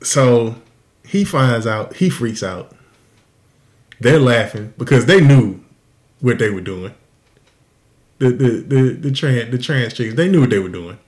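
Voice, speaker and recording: A man hosting a podcast, telling a crude story in a profane, animated way and laughing often. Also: medium pitch, a little slow, long pauses. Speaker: podcast host. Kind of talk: casual storytelling.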